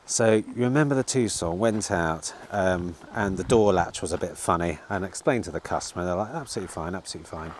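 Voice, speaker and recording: A man's voice: low-pitched, normal speed, few pauses, slight background noise. A middle-aged man, a used car dealer, chatting casually and rambling to camera, swearing now and then. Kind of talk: casual vlog chat to camera. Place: outdoors in bright sun at a car lot.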